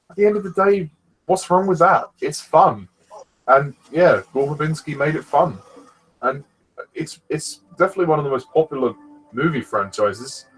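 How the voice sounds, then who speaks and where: A man talks loosely over a film as a fan commentator, his voice soft and breathy at the edges. He rambles, trails off and laughs easily as he goes. His pitch sits at an ordinary middle level. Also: rough recording. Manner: easygoing, rambling, many fillers. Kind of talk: casual film commentary chat.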